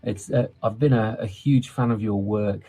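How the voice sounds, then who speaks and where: A man hosting a podcast interview, eager and halting, with many fillers and restarts. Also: on the low side, steady tone, dark tone, faint music behind. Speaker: podcast host.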